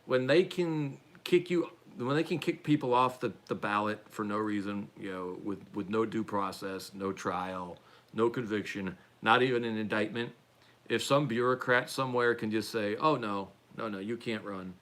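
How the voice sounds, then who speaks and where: A man's voice: on the low side, normal speed, fairly bright tone. A man hosting a casual political live-stream chat, rambling and self-deprecating, with frequent restarts. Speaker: podcast host.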